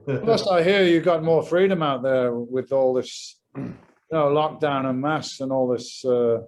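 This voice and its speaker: A man, a guest in a casual interview, talking in a relaxed, measured way with frequent fillers. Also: medium pitch, poor audio. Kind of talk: casual video-call interview.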